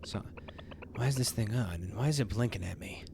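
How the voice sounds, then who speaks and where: A man's voice: lowish voice, a little fast, creaky, background noise. Chatty man streaming a video game. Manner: chatty, rambling, easygoing. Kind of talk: casual let's play commentary.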